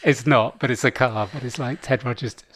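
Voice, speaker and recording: A man's voice: mid-range voice, fairly quick, a bit bright. A man in his sixties, co-hosting a podcast in casual chat, rambling through a story and acting out the people in it. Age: 60s. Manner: rambling storyteller acting out game-show contestants in put-on voices. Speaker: podcast co-host.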